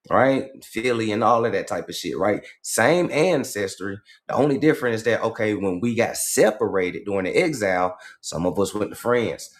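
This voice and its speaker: Man, lowish voice, riffing on a live stream, slangy, profane, lecturing. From Georgia, US. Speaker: livestream host. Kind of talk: casual livestream monologue.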